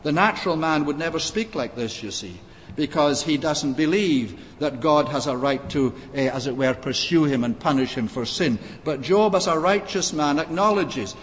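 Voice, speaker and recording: A man preaching an expository sermon, measured and pausing often with "uh", reading scripture in old-fashioned wording. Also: a little high, lively intonation. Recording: long reverb, faint background noise.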